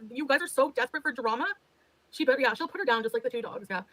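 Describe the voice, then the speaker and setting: A high-voiced woman pours out a defensive livestream rant, clipped and exasperated, with frequent swearing. She talks quickly, and the sound is dry and close, with no room around her. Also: a bit bright, no room sound, poor audio. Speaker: livestreamer being reacted to.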